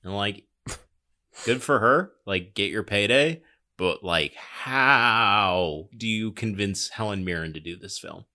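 A man's voice: lowish voice, slow pace, pushed and bright. A young man co-hosting a casual film review podcast, sarcastic, swearing and laughing often. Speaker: podcast co-host. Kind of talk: casual movie review chat.

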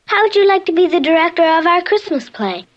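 Bossy little Lucy. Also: female voice, very high voice, lively intonation. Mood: lecturing. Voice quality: brisk, know-it-all. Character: bossy young girl giving advice. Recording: dull clip with music behind.

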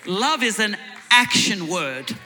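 Guy preaching a sermon, high bright voice, keeps repeating himself for emphasis. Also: sing-song, takes it slowly, faint music behind. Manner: emphatic, repeats words as he builds a point.

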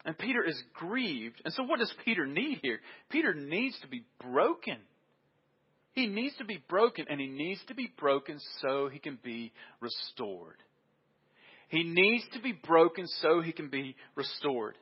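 A man delivers a sermon with emphasis, hammering home his points by repeating them. His voice sits a little high and sounds husky. The recording is dull and lo-fi. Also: sing-song, a little slow. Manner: emphatic, repeats key phrases. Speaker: preacher.

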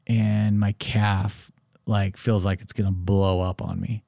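A man's voice: lowish voice, takes it slowly, creaky, dry recording, clean studio sound. A man hosting a real estate podcast, talking in a casual solo monologue and telling stories with lots of "you know" fillers. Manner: animated storytelling, many "you know" fillers.

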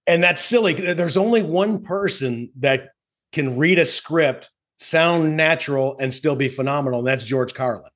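A man's voice: a little high, a bit bright. A middle-aged man, a longtime radio host, chatting casually and often repeating words as he tells stories. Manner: halting, repeats words, storytelling. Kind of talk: casual chat. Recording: dull lo-fi sound.

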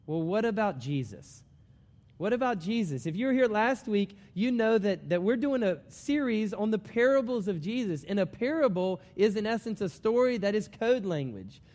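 A man preaching a sermon, telling a personal story in an animated storytelling manner. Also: sits high, moderate pace, in a large hall. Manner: storytelling, animated when excited.

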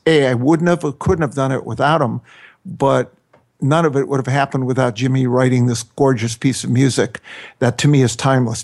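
Enthusiastic man, mid-pitched voice. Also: darkish tone. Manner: effusive, enthusiastic. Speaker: record producer guest. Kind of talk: radio interview.

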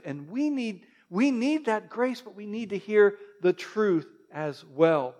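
A man preaching a sermon as pastor, lively, with joking asides to the congregation. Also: sits high, slow.

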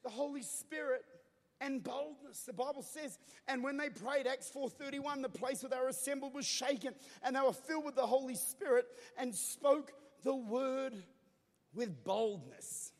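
Man, thirties, Pentecostal preacher: very high voice, loud call-and-response delivery, long hall reverb. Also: moderate pace. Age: 30s. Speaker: pastor. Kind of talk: Pentecostal sermon. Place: church auditorium. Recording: long echo of a large hall.

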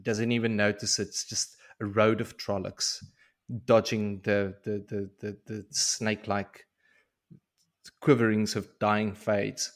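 A man co-hosting a podcast, casually recapping a book chapter as an animated, slangy storyteller. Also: fairly low pitch, takes it slowly. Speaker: podcast co-host.

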